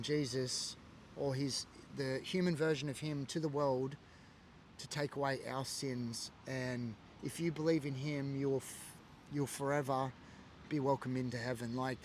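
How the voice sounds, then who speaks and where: A young Australian man from Sydney, a former biker club member, telling his own story in an earnest, halting way with many restarts. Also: medium pitch, a little hiss or hum. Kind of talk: candid personal storytelling.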